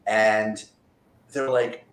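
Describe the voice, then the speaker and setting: A man's voice: lowish voice, little pitch movement, drawn-out words. A man as a guest magician, telling rambling stories in a laid-back way over a remote call from a borrowed apartment. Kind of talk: casual interview chat. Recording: roomy echo.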